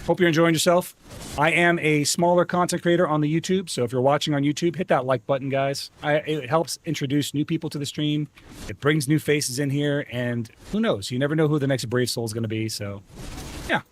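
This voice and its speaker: Excitable man chatting on a game stream. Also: fairly high pitch, fairly quick, slight background noise. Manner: excitable, laughs often, talks to chat. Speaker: live-streamer. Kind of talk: casual gaming stream chat.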